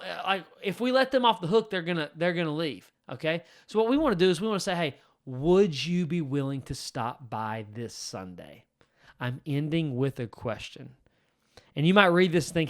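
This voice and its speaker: Casting: male pastor, slightly higher voice, blunt coaching delivery. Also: expressive, moderate pace. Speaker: lead pastor teaching church leaders. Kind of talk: direct-to-camera teaching talk.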